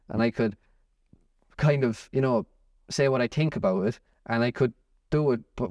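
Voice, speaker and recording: A young Irish musician chatting in an interview, rambling with many restarts. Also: male voice, medium pitch, moderate pace, mellow, no echo, clean studio sound, distant mic. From Ireland. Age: young adult. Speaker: musician guest. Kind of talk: casual interview chat.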